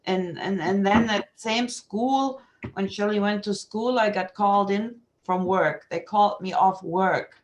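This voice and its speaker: A woman guest in a casual video chat, telling stories in an animated way, swearing freely and laughing often. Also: mid-range voice, a little slow, dull audio. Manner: laughs often while talking.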